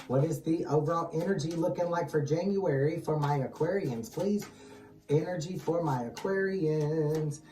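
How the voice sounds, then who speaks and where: A tarot channel host leading a reading, calm and steady, repeatedly calling on guides, angels and ancestors. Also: medium pitch, normal speed, slight background noise. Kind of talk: tarot reading, casual chat. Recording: echoey distant mic with music underneath.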